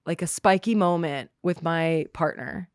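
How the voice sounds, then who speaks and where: Slow, reflective woman guest, smooth voice. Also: on the low side, no echo, studio quality. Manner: reflective, halting, heavy use of "like". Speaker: podcast guest, musician. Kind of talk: candid conversational interview.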